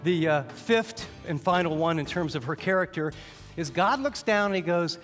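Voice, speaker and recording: A middle-aged man preaching a sermon as a Bible teacher, animated and often restarting his sentences. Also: a little high, brisk, soft background music. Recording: long hall reverb.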